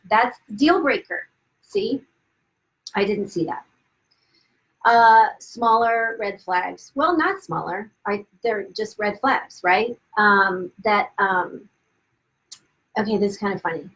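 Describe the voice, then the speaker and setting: A woman's voice: a little high, a bit bright, low-quality recording. A woman hosting a live video stream, telling her own story in a candid, casual way with frequent asides and restarts, laughing at her past. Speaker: host of a live video series. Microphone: webcam or phone, live stream.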